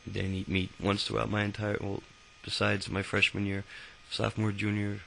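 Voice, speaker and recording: Young man, very low gravelly voice, casual profane memoir, rambling. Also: completely flat delivery, moderate pace, fairly bright tone, a little hiss or hum, low-quality recording. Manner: rambling, profane, full of fillers and restarts. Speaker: autobiography narrator.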